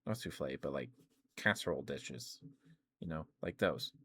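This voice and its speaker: A hoarse young man chatting casually on a stream, rambling with lots of fillers. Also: rumbling low, animated, moderate pace, a bit bright, dry recording. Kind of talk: casual chat.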